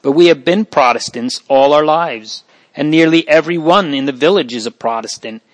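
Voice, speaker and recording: A man's voice: fairly high pitch, a bit bright, no echo, natural voice, poor audio. A man voicing a frightened, tearful young girl in an audiobook reading, speaking in earnest, distressed pleas.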